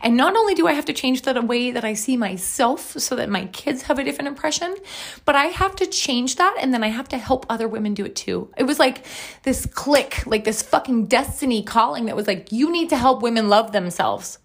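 A woman in her thirties, a wellness coach hosting a podcast, delivers a candid personal monologue about her own life, emphatic and swearing often. Her voice is a little high and expressive, and she speaks a little fast.

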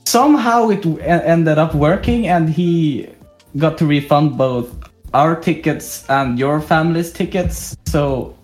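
Over soft background music, the Swedish podcast co-host, a young man, keeps up his giggly, rambling storytelling in casual conversation. His somewhat high voice is slightly mellow and moves at a measured pace, with a roomy echo around it.

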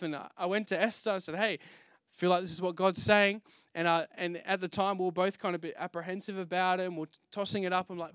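A man's voice: high voice, fairly even intonation, fast talker, fairly bright tone, clear, resonant tone, no room sound, clean studio sound. A young man preaching a conversational testimony sermon, telling his story with restarts and acting out his own past exclamations. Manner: frequent restarts and fillers, conversational. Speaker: pastor.

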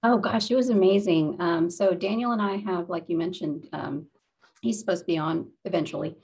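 A woman's voice: on the low side, normal speed, creaky, a little mellow, slightly rough. A woman co-hosting a podcast, teasing and upbeat in casual chat. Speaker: guest co-host.

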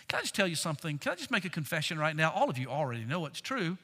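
A man, a pastor, preaching a sermon with a confessional, self-deprecating tone, swinging between loud emphatic bursts and hushed low phrases. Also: big pitch swings, very fast, long reverb tail.

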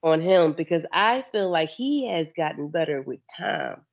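A woman's voice: sits low, lively intonation, normal speed. Teasing woman in muffled podcast chat. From Philadelphia. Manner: teasing, loud exclamations. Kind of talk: casual chat.

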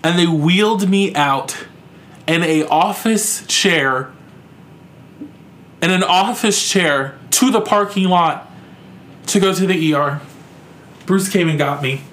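A young man with a notably high voice tells a story on his podcast, cursing freely and sounding animated and exasperated. His voice carries a clear room echo. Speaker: podcast host. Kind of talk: casual storytelling. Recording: echoey room.

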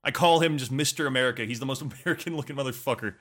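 A man's voice: mid-range voice, rapid-fire, fairly bright tone. A man ranting in a casual chat about a video game, rambling, swearing and laughing often.

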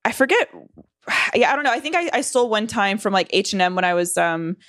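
With big pitch swings and a fairly bright tone, this Southern California woman in her twenties talks fairly quickly through a rambling, profane storytime, full of fillers and restarts. She imitates quoted voices higher, and the sound is dry and clean studio.

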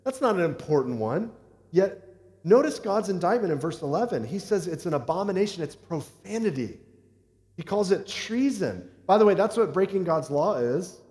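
Preacher with a fairly high voice in an echoing church. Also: male voice, expressive, moderate pace, darkish tone. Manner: conversational preaching with frequent check-ins to the congregation. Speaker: pastor. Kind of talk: sermon. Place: church sanctuary. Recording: echoey hall reverb.

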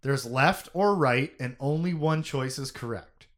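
A man co-hosting a podcast, chatting casually about a novel in an animated, jokey way, thinking out loud with many restarts. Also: medium pitch, unhurried. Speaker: podcast co-host. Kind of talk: casual book discussion.

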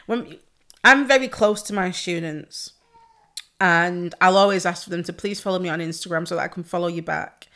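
A woman's voice: on the low side, flat delivery, fairly quick, a bit bright. A woman, a pole dance instructor, talking on a podcast in a heartfelt, effusive way and swearing freely. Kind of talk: casual podcast chat.

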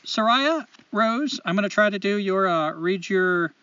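A man's voice: high voice, lively intonation, measured pace, pushed and bright, no echo, recorded from a distance, dull audio. A man co-hosting a podcast, talking casually and launching into blunt, profane rants. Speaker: podcast co-host. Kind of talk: casual podcast chat and ranting monologue.

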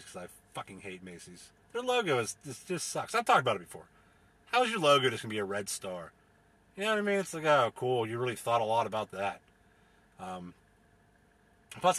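A man's voice: lowish voice, sharp tone, no echo. A young man, hosting a casual solo podcast from inside his car, rambling, profane and joking. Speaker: podcast host.

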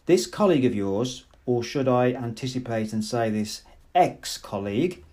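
A man doing a pompous middle-aged director in a storybook reading, lifting his mellow voice slightly and speechifying in a stern, accusing manner. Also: medium pitch, animated, normal speed, close to an everyday voice.

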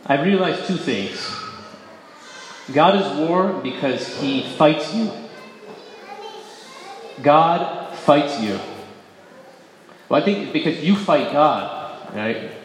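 A man shares his faith testimony with an audience in a large hall where his voice rings out with a long, heavy reverb. He talks in an everyday way at a middle pitch, catching and correcting himself, then pushing hard on key words. Faint room hum sits behind him. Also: animated, takes it slowly, long pauses. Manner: conversational, self-correcting, bursts of emphasis. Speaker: speaker giving a faith testimony. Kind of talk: personal testimony talk.

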